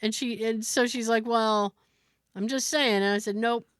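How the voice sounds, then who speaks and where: A woman co-hosting a casual podcast, telling a story and doing the voices of the people in it. Her voice sits fairly high, and the sound is dry and close with no room around it. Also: steady tone, moderate pace, clean tone, dry recording. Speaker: podcast co-host.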